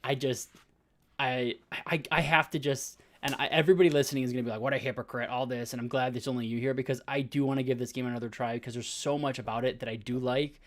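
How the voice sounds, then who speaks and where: A man's voice: medium pitch, steady tone, fast. A man in his thirties, a podcast co-host, telling a long story in casual chat with many filler words and restarts. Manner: rambling storytelling with frequent "like" fillers.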